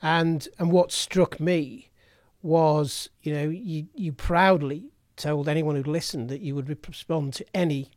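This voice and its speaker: A man hosting an interview, asking questions in a measured way with frequent ums. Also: fairly high pitch, fairly even intonation, darkish tone, no echo, clean studio sound. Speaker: interviewer, host.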